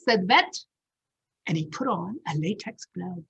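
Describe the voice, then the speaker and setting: Lively, husky woman reading to kids. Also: medium pitch, moderate pace. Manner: animated, asks the children questions. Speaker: librarian. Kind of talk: children's story time read-aloud.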